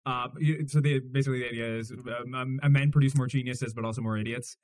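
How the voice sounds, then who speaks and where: Casting: male interviewer, halting and searching, mid-pitched voice. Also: steady tone, darkish tone, no echo. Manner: halting, repeats words and restarts while asking questions. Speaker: podcast host. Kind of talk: casual interview questions.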